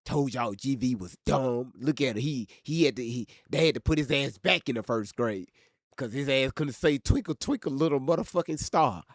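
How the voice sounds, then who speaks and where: A man hosting a livestream, teasing his chat in a loud, profane, joking way. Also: mid-range voice, normal speed, no room sound, studio quality. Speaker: livestream host reading chat. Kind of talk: casual livestream commentary.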